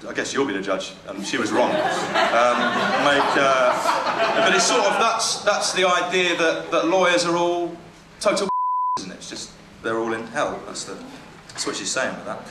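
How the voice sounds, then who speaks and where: A man's voice: mid-range voice, sing-song, moderate pace, hardly any pauses. A man doing stand-up, reading jokes aloud in a dry, hesitant way with ums and trailing asides. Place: comedy venue stage. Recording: echoey room with background noise. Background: audience laughter.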